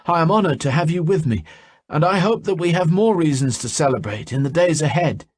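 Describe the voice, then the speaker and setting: A man's voice: fairly high pitch, expressive, a little fast, husky, pitched above the performer's own voice. A man voicing a character giving a heartfelt toast to his friends, in an audiobook. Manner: warm, heartfelt speech.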